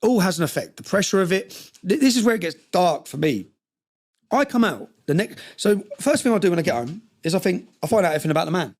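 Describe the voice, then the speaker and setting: A man's voice: high voice, very animated, quick pace, a little mellow. A man telling a story intensely in an interview, often checking in with "yeah?" and acting out what others said. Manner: recounting with quoted dialogue. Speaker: interview guest.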